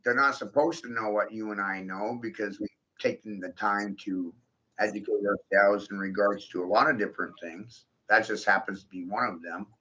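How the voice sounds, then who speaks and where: A man's voice: on the low side, steady tone, moderate pace, sharp tone, lo-fi sound. A man delivering a rambling, profane monologue, breaking into laughter often and talking with intensity. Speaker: video host.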